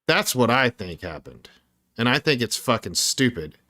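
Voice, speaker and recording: A man's voice: mid-range voice, very animated, normal speed, pushed and bright. A man who develops indie games, chatting casually on a livestream as he works, ranting in frustration and swearing heavily. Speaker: indie game developer streaming his work. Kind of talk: casual livestream chat while working.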